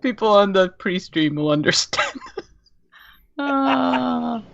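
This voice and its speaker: Teasing panelist, slow and singsong, dull lo-fi line. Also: medium pitch, sing-song, gravelly, a bit bright. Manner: teasing, playful. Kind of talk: casual chat.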